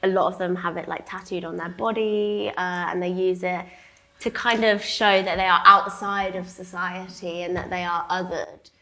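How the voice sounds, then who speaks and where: Bright-voiced young woman, chatty artist talk. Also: lowish voice, fairly even intonation, normal speed. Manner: chatty, laughing often, many "like" fillers. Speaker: artist discussing her exhibition. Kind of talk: public gallery conversation. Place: gallery talk before an audience.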